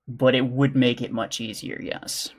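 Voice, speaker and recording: A male gaming streamer talking casually to his live chat. He answers viewers' questions in a loose, offhand way and slips into low mutters while he plays. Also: little pitch movement, measured pace. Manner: chatty, reads and answers chat, mutters during play. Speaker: gaming livestreamer.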